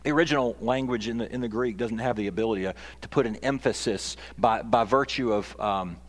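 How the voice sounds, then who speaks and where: A man's voice: mid-range voice, brisk. A man preaching a sermon as pastor, earnest and building to emphatic peaks. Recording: long reverb of a large hall.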